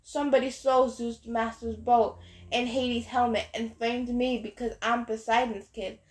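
High-voiced woman narrating an audiobook. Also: level tone, normal speed, reverberant. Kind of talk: first-person audiobook narration.

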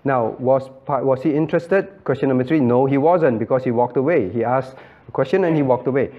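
A man's voice: mid-range voice, brisk, dull audio. A male pastor leading an interactive Bible study in a church room, emphatic and questioning, calling on listeners by name.

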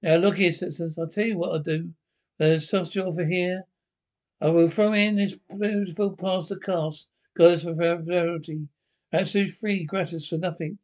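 A man's voice: sits high, steady tone, moderate pace, a little mellow, lightly acted. Man playing a brash Roman slave trader. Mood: salesman patter. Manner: market-trader sales patter. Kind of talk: 1960s British film comedy acting.

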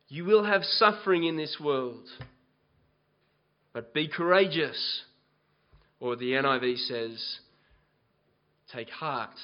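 A man preaching a sermon, moving from quiet scripture reading to loud, impassioned exhortation. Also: medium pitch, dull audio. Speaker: pastor.

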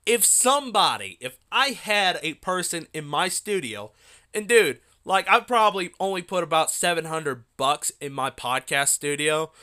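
A man hosting a solo podcast, telling a story in an excitable, animated way, often laughing, recorded on a phone. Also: fairly high pitch. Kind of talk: casual storytelling monologue.

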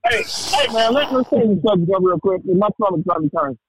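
A man's voice: sits high, lively intonation, brisk, fairly bright tone, husky, no echo. A man rambling profanely in casual podcast chat, often asking "you know what I'm saying," recorded on a dull, lo-fi mic.

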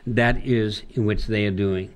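A man, a pastor, talking through a Bible passage with a colleague and reading verses aloud slowly in old-style wording. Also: fairly low pitch, steady tone, smooth. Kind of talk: conversational Bible discussion.

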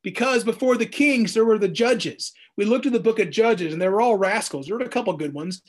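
A man in his thirties teaching verse by verse through scripture in a jokey, animated way, acting out the quotes. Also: sits high, brisk. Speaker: Bible teacher.

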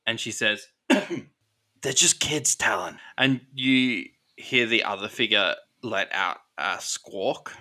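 A man narrating a tabletop game as game master, describing scenes in a measured way. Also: on the low side, sharp tone.

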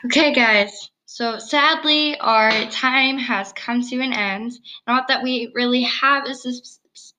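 A girl in her early teens co-hosting a casual video-call chat, giggly, chatty and quick to laugh at herself. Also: a little high, background noise. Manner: giggly, chatty, self-deprecating. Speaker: co-host. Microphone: computer mic on video call.

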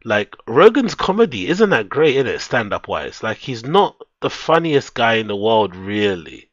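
A man's voice: medium pitch, sing-song, normal speed, no room sound. Laid-back man streaming on a headset. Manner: laid-back, swears a lot, talks straight to his chat. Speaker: live streamer. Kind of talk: casual live-stream chat. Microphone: headset microphone. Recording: dull lo-fi headset mic.

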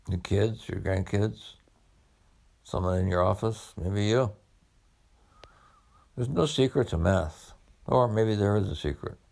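Deep gravelly man telling his story. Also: a little mellow. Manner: unhurried, reflective, conversational. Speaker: former police officer turned medical student. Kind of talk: personal storytelling.

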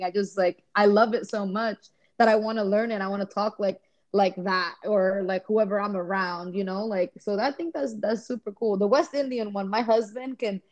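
A woman's voice: medium pitch, dull audio. A woman from Rhode Island, a podcast guest in casual chat, talking in an enthusiastic, rambling way with lots of "like.". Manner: chatty, filler-heavy, enthusiastic.

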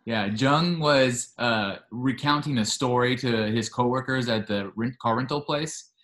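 A man's voice: medium pitch, unhurried, a bit bright. A man hosting a podcast, talking in a casual, chatty way and eagerly retelling scenes at length. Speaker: podcast host.

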